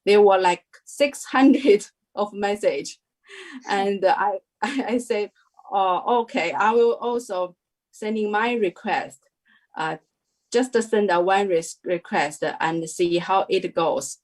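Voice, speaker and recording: A young woman telling her story as a guest, slowly and hesitantly, in careful non-native English with many pauses and fillers. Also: medium pitch, a little mellow. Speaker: guest sharing a testimony. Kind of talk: casual spoken testimony.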